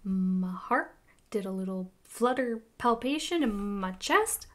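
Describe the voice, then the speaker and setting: A woman's voice: medium pitch, lively intonation, takes it slowly, a bit bright. A woman with a Canadian accent hosting a reaction video, gushing and laughing often as she comments.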